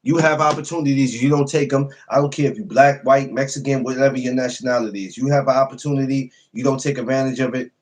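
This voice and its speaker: Man, podcast host, husky voice, casual livestream talk, profane and laughing, mid pitch. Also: fairly even intonation, quick pace, few pauses. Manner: loose, profane, greets viewers by name, laughs often. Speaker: podcast host greeting live chat.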